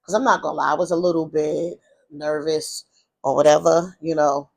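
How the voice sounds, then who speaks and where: A woman tells a personal story in a casual vlog, rambling through fillers and restarts and jumping into high voices when she quotes people. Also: moderate pace, gravelly. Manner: animated retelling, acting out quoted voices in a high pitch. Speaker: vlogger telling her life story.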